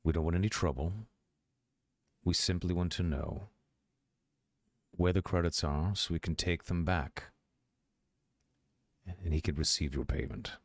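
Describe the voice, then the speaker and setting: A man voicing a very deep-voiced, polite doctor whose courtesy hides a threat. He speaks in measured, gracious phrases during a tabletop role-play, with a dry, close sound. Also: fairly even intonation, dry recording. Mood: smooth. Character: smooth-talking male doctor, polite and quietly menacing.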